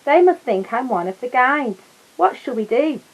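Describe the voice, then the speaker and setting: A woman voicing a kindly, courteous older gentleman in a storybook read-aloud. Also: high voice, lively intonation, normal speed, lo-fi sound, pitched above the performer's own voice.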